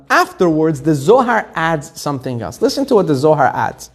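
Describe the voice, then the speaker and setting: A man, a rabbi, teaching a Torah class, telling the story with lively, acted-out quotes. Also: on the high side, unhurried. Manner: animated storytelling, acting out quotes.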